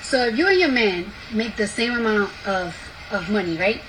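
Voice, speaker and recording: A woman's voice: mid-range voice, animated, moderate pace. A woman giving blunt opinions in casual talk, loose and full of fillers and slang, played back from a clip. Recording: clip with noisy ambience.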